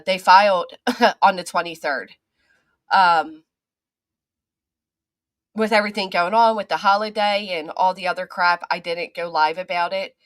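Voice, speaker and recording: A woman's voice: lowish voice, fairly bright tone, dry recording, studio quality. A woman hosting a casual livestream, chatting and greeting viewers by name, swearing now and then. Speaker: channel host.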